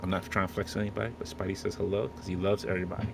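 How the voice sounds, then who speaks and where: A man's voice: sits low, level tone, racing, vocal fry, a loud crowd. A man hosting a casual podcast, joking and rambling with many restarts. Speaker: podcast host. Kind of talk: casual chat.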